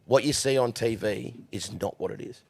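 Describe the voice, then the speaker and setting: Young aussie bloke, lowish voice, swearing and laughing through a yarn, dead dry sound. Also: male voice, moderate pace, gravelly, darkish tone, breathy edge, no echo. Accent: Australian. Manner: crude, swears a lot, laughs through stories. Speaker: horse trainer, podcast guest. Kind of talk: casual podcast chat, storytelling.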